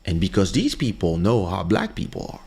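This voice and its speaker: A man's voice: low voice, a little fast, gravelly, husky. A man hosting a podcast, telling a story in a casual monologue and acting out the voices of the people in it. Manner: animated storytelling, acts out quoted voices. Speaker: podcast host.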